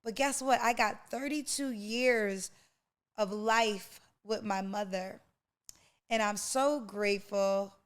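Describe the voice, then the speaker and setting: A woman's voice: medium pitch, takes it slowly, clear, resonant tone. A woman in her forties, a podcast host, giving an emotional, preacher-like personal testimony and calling the listener honey and baby. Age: 40s.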